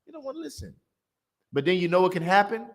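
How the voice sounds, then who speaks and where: A man's voice: high voice, sing-song, fast talker, vocal fry. A man teaching a religious class in a blunt, emphatic, preachy way, repeating lines for effect.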